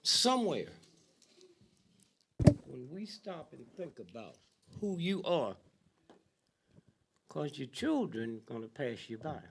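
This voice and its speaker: An older man giving a speech to a live audience in a preaching style, dropping to a low mutter and rising to loud outbursts, with a steady "huh?" and "hmm?" after his lines. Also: takes it slowly, creaky, pauses often, slight background noise. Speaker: speaker addressing an audience.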